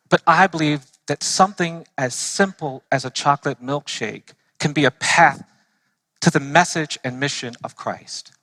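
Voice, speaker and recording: A man, a lawyer, telling stories in an impassioned speech to a church audience, slowing down to stress his points. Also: on the high side, sharp tone, dry recording. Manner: earnest storytelling, slowing for emphasis.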